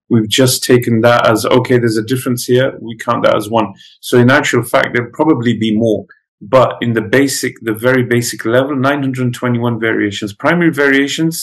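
A man's voice: medium pitch, rough recording. A man whose first language is Pashto, lecturing students in a conversational way with many fillers and restarts. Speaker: teacher.

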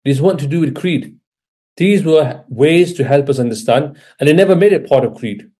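Mellow-voiced man teaching religion casually. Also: fairly high pitch, normal speed, breathy edge. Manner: conversational, checks in with listeners. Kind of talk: informal religious lecture. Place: Britain.

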